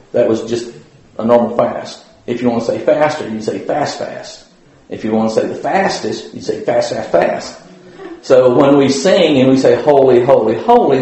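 In a very echoey church room, a Bible study teacher rambles through an informal lesson in a folksy way, often restarting and using fillers. He has a darkish, mid-range voice.

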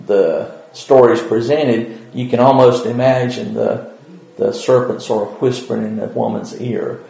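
A man giving an informal Bible study, talking with frequent pauses and "uh"s as he thinks aloud. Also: mid-range voice, fairly even intonation, creaky, mellow, roomy sound, poor audio. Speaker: Bible teacher.

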